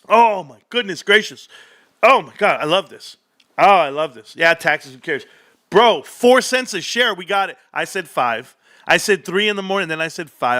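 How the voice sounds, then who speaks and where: Male livestream host, fairly high-pitched, exclamatory and excitable, talks straight to viewers. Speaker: stock streamer.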